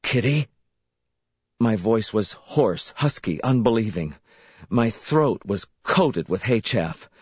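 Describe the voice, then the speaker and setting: A male audiobook narrator who reads a first-person story slowly and with a wide, lively melody. His voice sits on the low side. The recording is dry and a little muffled. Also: husky, no room sound. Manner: expressive, unhurried storytelling. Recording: slightly dull dry recording.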